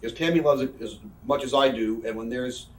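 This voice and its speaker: A man's voice: medium pitch, distant mic. A man, a wrestler telling candid, profane stories in an interview. He rambles, swears constantly and fills his talk with fillers. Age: 30s. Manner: profane, rambling, quick talker with frequent fillers. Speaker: interview guest, pro wrestler. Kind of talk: candid casual storytelling. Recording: roomy echo, voice a bit off-mic.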